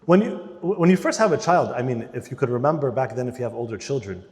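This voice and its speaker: Animated man lecturing in an echoing hall. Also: medium pitch, fast talker. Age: adult parent. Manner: animated, acts out quotes, swings between loud and hushed. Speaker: lecturer at a church marriage enrichment day. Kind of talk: church lecture to couples. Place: church hall. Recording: long reverb in a large hall.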